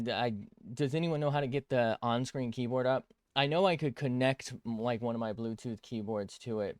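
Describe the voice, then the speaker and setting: While drawing on a tablet, a man chats casually as an art streamer in a medium-pitched, slightly mellow voice with no room sound. He rambles, cuts himself off mid-sentence, and swears freely.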